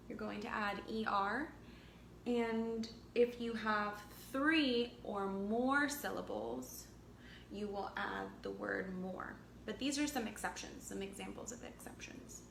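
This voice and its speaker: Woman, English teacher, very slow careful delivery, fairly high voice, echoey room, faint noise. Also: creaky, a bit bright. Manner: slow, deliberate, repeats words and translates into Spanish. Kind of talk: slow bilingual language lesson.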